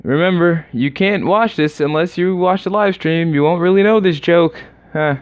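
A young man casually commenting on a game during a livestream, excitable and rambling as he reacts aloud. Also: sits high, normal speed. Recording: slightly dull lo-fi recording.

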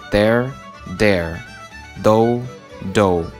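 A man's voice: mid-range voice, a little fast, a little mellow, faint music behind. A man whose first language is German, narrating a linguistics lesson in a sarcastic, irreverent, jokey way. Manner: sarcastic, irreverent, swears for comedy. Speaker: linguistics video host. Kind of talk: scripted narration with jokes.

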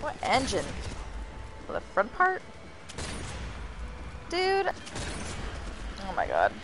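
A woman streaming live gameplay commentary, swearing freely and yelling at the game. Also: a little high, wildly swooping pitch, very slow, background noise. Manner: profane, exclaiming, talks to the game.

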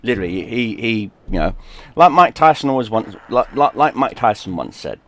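A man's voice: lowish voice, big pitch swings, normal speed, fairly bright tone. A man giving casual, rambling commentary on his gameplay as a gaming YouTuber, full of fillers. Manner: rambling, chatty, full of "you know" and "like".

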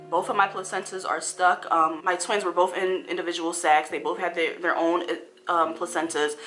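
A young woman vlogger telling a painful personal story in a halting way, full of fillers and restarts, at times near tears. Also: on the low side, a bit bright. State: tearful, voice breaking.

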